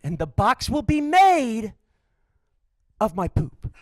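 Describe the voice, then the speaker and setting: Young guy doing deadpan stand-up, high voice that swoops around a lot. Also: slow, no room sound. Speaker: stand-up comedian. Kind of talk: stand-up set. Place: comedy stage.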